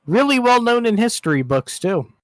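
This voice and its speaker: A young man chatting as co-host, making deadpan jokes, swearing often and getting excited. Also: very high-pitched, moderate pace, a little hiss or hum. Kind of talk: casual chat on a live show.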